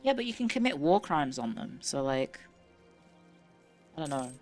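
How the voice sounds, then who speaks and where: A woman's voice: deep voice, sing-song, moderate pace, a little mellow, faint music behind. A woman streamer giving casual, chatty commentary while playing a strategy game, muttering to herself and swearing now and then.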